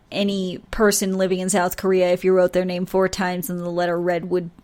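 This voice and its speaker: A woman from the United States hosting a podcast solo, chatting casually with many fillers and small laughs. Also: on the low side. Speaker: podcast host.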